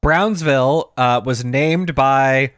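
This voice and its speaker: A man's voice: mid-range voice, takes it slowly, a bit bright, clear, resonant tone, no echo. A man co-hosting a podcast in casual chat, rambling and laughing as he talks. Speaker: podcast co-host.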